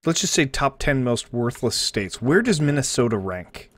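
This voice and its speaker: A man's voice: mid-range voice, sing-song, moderate pace, no room sound. Sarcastic man streaming live. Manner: sarcastic, mock-preachy, swears freely. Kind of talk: casual stream commentary.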